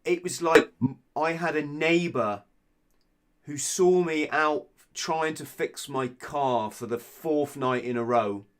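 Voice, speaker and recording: A British man telling his story as a podcast guest, blunt and sweary, with frequent halting restarts. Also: a little high. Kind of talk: casual candid storytelling.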